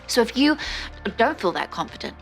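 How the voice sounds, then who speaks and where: A woman giving public-speaking tips straight to camera, emphatic and coaching, swinging from soft near-whispers to loud upbeat bursts. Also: fairly high pitch, big pitch swings, moderate pace, gravelly, faint music behind. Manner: emphatic, coaching, addresses viewer directly. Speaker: motivational speaker. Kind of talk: direct-to-camera coaching talk.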